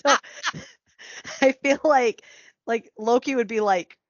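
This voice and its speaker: A chatty woman talking on a podcast, laughing often and tossing off quick character asides. The sound is dry and a bit dull, with no room around it. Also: on the high side, no echo. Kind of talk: casual fan chat.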